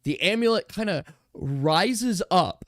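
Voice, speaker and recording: A game master narrating a tabletop role-playing game in slow, drawn-out descriptions that sometimes drop to a hush. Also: medium pitch, expressive, dry recording, studio quality.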